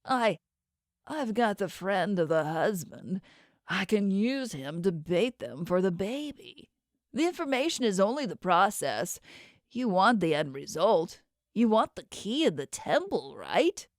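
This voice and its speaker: A woman's voice: mid-range voice, sing-song, a little slow, no echo, clean studio sound. A woman voicing a wary male hired tracker who answers defensively and placatingly in an audiobook. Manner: defensive, placating, stammering under pressure. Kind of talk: audiobook character voice.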